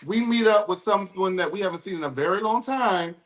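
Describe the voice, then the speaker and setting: A man's voice: high-pitched, a little fast, a bit bright. A man hosting a live reality TV review show, chatting casually in a sassy, campy way. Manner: sassy, campy, calls people girl and baby. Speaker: podcast host. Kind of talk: casual reality TV recap chat.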